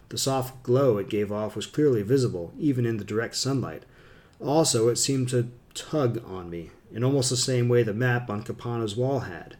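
Male narrator for a first-person thriller audiobook, steady and wry. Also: lowish voice.

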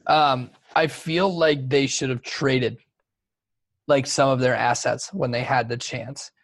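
A man's voice: medium pitch, fairly even intonation, slow, a bit bright, no room sound. A man co-hosting a sports podcast in casual chat, blunt and opinionated, sounding tired late at night. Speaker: podcast co-host.

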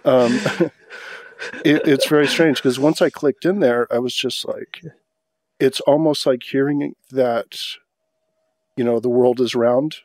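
A man's voice: medium pitch, fairly even intonation, takes it slowly, long pauses, a little mellow, dry recording. Friendly hesitant male podcast host. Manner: friendly, hesitant, many ums. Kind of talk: casual interview conversation.

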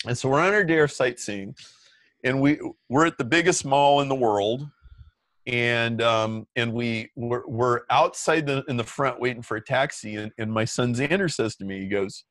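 A man's voice: mid-range voice, lively intonation, moderate pace, a bit bright, no echo. Chatty middle-aged man, dry sound. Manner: chatty, lots of "like" fillers. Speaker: interview guest. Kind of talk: casual storytelling.

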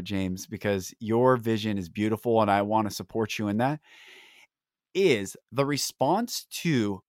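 A man's voice: fairly low pitch, no echo, studio quality. A man hosting a podcast, talking in an earnest, encouraging way and repeating affirmations. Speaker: podcast host. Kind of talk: heartfelt motivational conversation.

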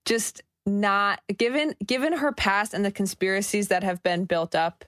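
A woman's voice: medium pitch, animated, normal speed, a bit bright, no echo, clean studio sound. Snarky woman podcast co-host. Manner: snarky, opinionated, rambling asides. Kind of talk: casual gossip chat.

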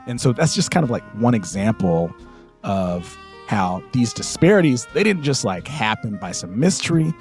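A man's voice: fairly low pitch, sing-song, normal speed, a little mellow, faint music behind. Southern man reading articles aloud on a podcast. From American South. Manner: reads quotes aloud from articles, many fillers. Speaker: podcast co-host. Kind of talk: casual discussion podcast.

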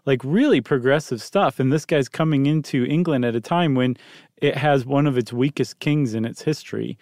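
A man's voice: mid-range voice, moderate pace, darkish tone, no room sound. A man co-hosting a podcast, talking casually through history with many ums and dry jokes. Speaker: podcast co-host.

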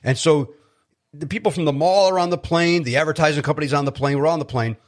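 A man from Chicago, a guest comedian, telling stories in casual chat, animated and self-deprecating with many restarts. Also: fairly high pitch, quick pace. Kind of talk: casual storytelling.

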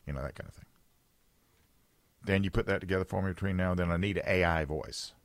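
A man's voice: deep voice, fast, no room sound. A man hosting a talk radio show, rambling and sarcastic in an opinionated chat from a studio.

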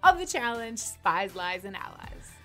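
A woman co-hosting a casual podcast, playful, giddy and quick to laugh. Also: medium pitch, big pitch swings, fairly bright tone, soft background music. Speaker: podcast co-host.

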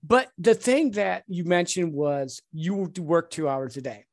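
A man's voice: fairly high pitch, a little slow, a little mellow, dry recording, clean studio sound. Chatty, agreeable man hosting a podcast. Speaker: podcast host. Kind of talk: casual podcast conversation.

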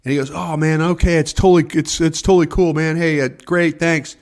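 Older male co-host, chatty storyteller, home office video call, a touch high-pitched. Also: fairly even intonation, brisk, darkish tone. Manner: rambling, acts out quotes in voices. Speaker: former scout, co-host. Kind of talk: casual storytelling chat.

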